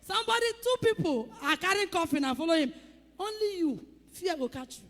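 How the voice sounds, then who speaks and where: A woman's voice: extremely high pitch, animated, brisk, fairly bright tone, long reverb tail. A woman pastor preaching a sermon with emphatic calls, rhetorical questions to the congregation and acted-out sound effects.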